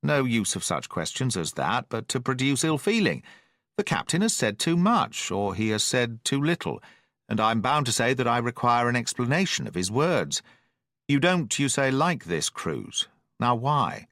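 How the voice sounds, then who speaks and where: A man reading the lines of a calm, level-headed gentleman doctor who asks probing questions, in an audiobook. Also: mid-range voice, normal speed, dry recording, clean studio sound.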